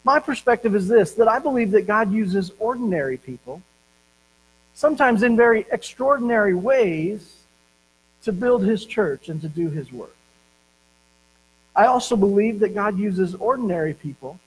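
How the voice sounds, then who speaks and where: High-voiced male pastor preaching. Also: animated, rough recording. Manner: storytelling, slowing and stressing key words. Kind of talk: sermon.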